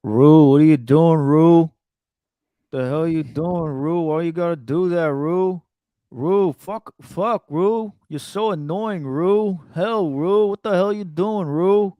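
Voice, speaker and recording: A man's voice: a little high, slow pace, no echo, highs cut off, voice pushed up. A man doing an impression of a laid-back young male drug dealer from a TV drama, mumbling without moving his lips. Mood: exasperated.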